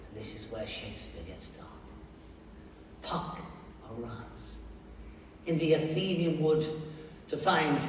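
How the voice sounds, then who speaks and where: Guy narrating his one-man comedy show, slow, big echoey hall, far from mic. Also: fairly high pitch, slight background noise. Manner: wry, conversational asides. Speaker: solo stage performer. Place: theatre stage.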